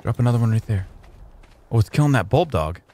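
A young man giving casual let's-play commentary, excitable and playful, chatting with his in-game creatures in slang. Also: medium pitch, fast. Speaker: gaming YouTuber.

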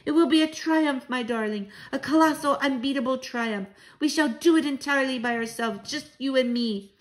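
A woman's voice: high-pitched, moderate pace, voice pushed up, lightly acted. A woman reading aloud, voicing a spirited old grandmother who speaks emphatically and commandingly. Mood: fervent. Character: fierce, spirited old grandmother witch-hunter.

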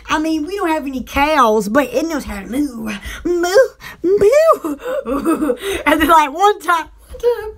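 A woman's voice: high-pitched, a bit bright. A woman hosting a casual home shopping live stream, rambling and laughing often as she chats and mimics household appliance noises.

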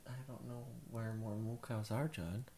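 A young father talking gently and patiently with his small child at bedtime, softly coaxing him toward sleep. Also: on the low side, steady tone, moderate pace, a little hiss or hum. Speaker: father putting child to bed. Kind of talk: casual bedtime chat.

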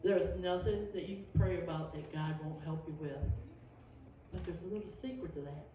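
A woman's voice: lowish voice, fairly quick, noisy background. A woman gives an informal church teaching, folksy and emphatic. She is recorded from a distance in a very echoey sanctuary. The sound is dull and a little muffled. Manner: folksy, emphatic, repeats amen. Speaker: Sunday school teacher.

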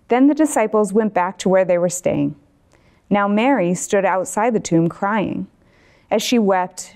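A woman's voice: medium pitch, dark tone. Woman reading scripture aloud. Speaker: scripture reader. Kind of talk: reading a gospel passage aloud.

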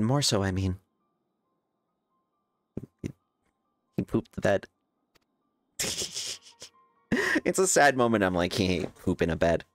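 Low gravelly guy streaming a game, goofy, voice jumps all over. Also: animated, takes it slowly, long pauses, no echo, faint music behind. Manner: playful, laughing, jokey asides. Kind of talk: casual let's-play reaction, reading dialogue aloud.

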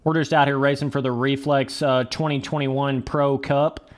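A man's voice: mid-range voice, little pitch movement, moderate pace. A young man streaming a motocross game live, swearing casually, coaching himself through the race and chatting with viewers. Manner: casual, profane, talks to chat as brother and dudes; talks himself through the race under his breath. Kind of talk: live gameplay commentary.

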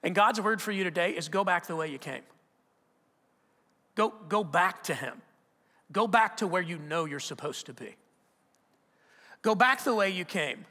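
A man preaching a sermon as pastor, talking conversationally, repeating and restarting words, and growing animated and loud in stories. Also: high voice, normal speed, long pauses. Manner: grows animated and loud when telling stories. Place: church auditorium. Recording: long hall reverb from the church auditorium.

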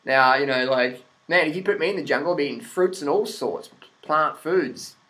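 A man's voice: fairly high pitch, moderate pace, pushed and bright. A man vlogging a blunt, profane opinion rant to the camera, laughing at his own points.

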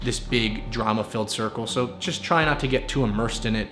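A man's voice: mid-range voice, brisk. Brief: male commentary vlogger, casual and earnest, mid-range voice, music bed underneath. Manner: earnest, lecturing, repeats himself when emphatic. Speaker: commentary youtuber.

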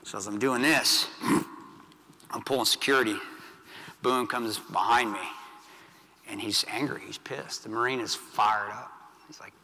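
Middle-aged male veteran speaker, blunt and intense, hard-edged bright tone, echoing event hall. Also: mid-range voice, moderate pace. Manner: blunt, intense, swings from loud to hushed. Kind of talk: storytelling speech to an audience. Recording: long hall reverb.

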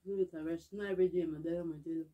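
A woman's voice: lowish voice, steady tone, fast talker, highs cut off. Chatty young woman vlogging. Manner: chatty, laughs often, mumbles and hums softly. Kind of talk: casual chat to camera.

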